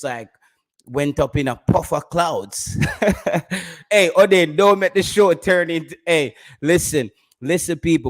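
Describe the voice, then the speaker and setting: A man's voice: fairly high pitch, a little mellow. A man with a Jamaican accent, hosting a casual live stream about football, bantering with his chat and laughing often.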